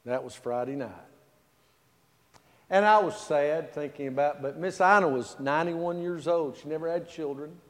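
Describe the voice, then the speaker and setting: A man preaching a sermon as pastor, telling a personal story, swinging from loud emphasis to hushed, soft passages. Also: fairly high pitch, moderate pace. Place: church sanctuary. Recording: long reverb of a church hall.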